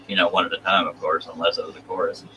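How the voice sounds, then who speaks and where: A man's voice: low-pitched, flat delivery, rapid-fire, background noise. A man hosting a casual live stream, rambling and reading viewer comments aloud.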